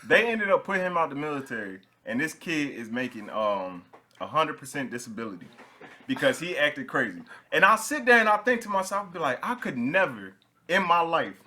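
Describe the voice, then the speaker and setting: A man's voice: a little high, fairly quick. A young man hosting a casual podcast, telling stories with a lot of energy and laughing as he goes. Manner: animated storyteller, laughs while telling stories. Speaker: podcast host.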